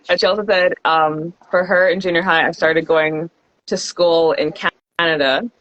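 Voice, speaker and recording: A man co-hosting a casual podcast, upbeat and quick to laugh as he reads out viewer comments. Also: fairly high pitch, steady tone, bright, forceful tone. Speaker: podcast co-host reading comments. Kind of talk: casual chat. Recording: dry, dull stream audio.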